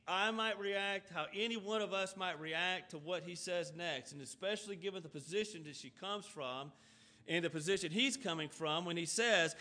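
High, bright-voiced man preaching. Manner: earnest, asks rhetorical questions in runs; reads scripture aloud and then explains it in plain talk. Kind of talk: sermon, reading scripture and expounding.

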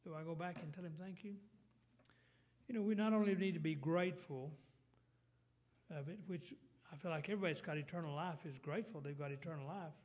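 A middle-aged man, preaching a folksy sermon with halting restarts. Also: a little high, darkish tone.

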